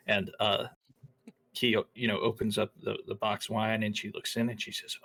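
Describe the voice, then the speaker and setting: Man, game master, gravelly, husky, laid-back, halting with fillers. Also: fairly low pitch. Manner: relaxed, halting narration with many fillers. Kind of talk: narrating a tabletop game.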